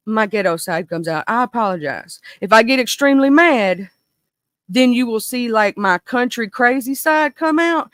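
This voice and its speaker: A woman in her thirties with a Mississippi Southern accent, hosting a casual livestream chat in a goofy, animated, rambling way. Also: on the high side, moderate pace, no echo. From small town in northern Mississippi, USA. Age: 30s. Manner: goofy, animated, talkative, goes off on tangents. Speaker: livestream host.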